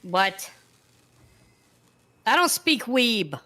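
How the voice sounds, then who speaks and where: Bright-voiced woman streamer, blunt and sweary. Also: on the high side, sing-song, drawn-out words. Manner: blunt, swears a lot, laughs often. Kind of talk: casual stream chat.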